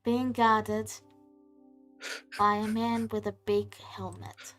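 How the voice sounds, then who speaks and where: A woman narrating a tabletop game as game master, unhurried, with pauses and fillers, from her computer at home. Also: mid-range voice, little pitch movement, a bit bright, faint music behind.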